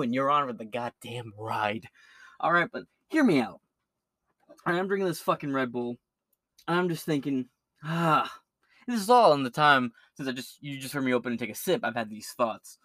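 A man's voice: mid-range voice, fairly bright tone, dry recording, studio quality. A man hosting a podcast, ranting in a crude, rambling way with constant swearing. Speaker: podcast host. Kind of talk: free-form profane rant.

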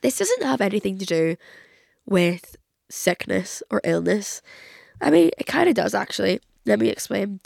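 A 21-year-old woman with a cold, chatting in a rambling solo podcast monologue full of "like", her voice croaky. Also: medium pitch, big pitch swings, moderate pace, darkish tone, dry recording, clean studio sound. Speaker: podcast host. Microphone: podcast microphone.

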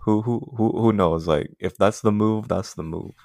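Young male co-host, very deep gravelly voice, relaxed, easygoing delivery. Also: moderate pace, dry recording, clean studio sound. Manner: laid-back, shrugging. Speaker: podcast co-host. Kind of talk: casual podcast chat.

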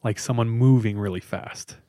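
A man's voice: mid-range voice, moderate pace, mellow, no room sound, clean studio sound. A man casually retelling a scary story to friends, chatty and loose, with lots of fillers. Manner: conversational, loose with many fillers.

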